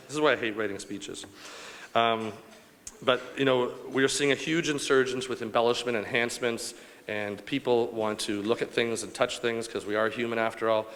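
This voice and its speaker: A man's voice: fairly low pitch, steady tone, moderate pace, fairly bright tone, slight background noise. A man from Canada giving a rambling, joking award acceptance speech to a live audience. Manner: rambling, joking, self-deprecating, with fillers. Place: large banquet hall. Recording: long hall reverb from a live event.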